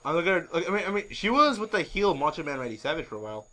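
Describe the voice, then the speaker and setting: A man hosting a podcast in casual chat, rambling and animated with many filler words. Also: a little high, very fast, low-quality recording. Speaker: podcast host.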